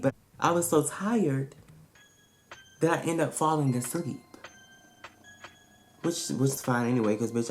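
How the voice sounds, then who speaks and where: A woman vlogger with a deep voice tells a storytime bluntly and profanely, staying animated and emphatic throughout. A slight background noise can be heard.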